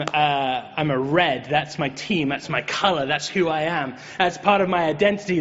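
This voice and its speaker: High-voiced English man preaching. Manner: lively, joking and chatty. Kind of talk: conversational sermon. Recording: dull, reverberant hall sound.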